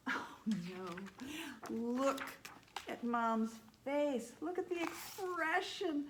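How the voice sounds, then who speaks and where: A woman librarian leading a children's story time, reading aloud in an animated way with a Midwestern American accent and asking the children questions. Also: fairly high pitch, slow, noisy background.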